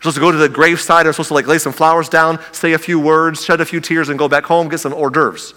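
A male pastor preaches with a bright, forceful voice pitched a bit high. He tells the story casually and with humor. The long reverb of a big church hall trails after every phrase. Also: flat delivery, fast talker. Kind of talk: sermon.

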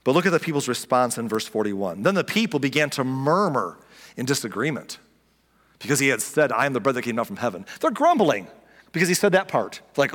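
A man preaching a sermon as pastor, lively and playful, acting out the people he quotes with humor. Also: mid-range voice, a little fast. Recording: long reverb of a large hall.

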